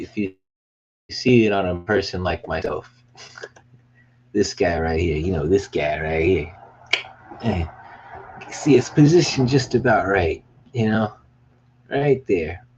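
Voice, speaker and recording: This man's deep, husky voice moves at a measured pace with frequent pauses as he shows off his business merch in a casual behind-the-scenes vlog. He rambles, gets hyped, swears sometimes, and yells excitedly in bursts. The recording has its highs cut off.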